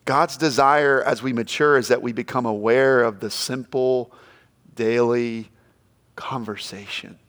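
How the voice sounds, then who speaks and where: A middle-aged male pastor preaching a sermon, dropping to a hush and then shouting out quoted lines. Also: mid-range voice. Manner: animated, swings from hushed to shouting quotes.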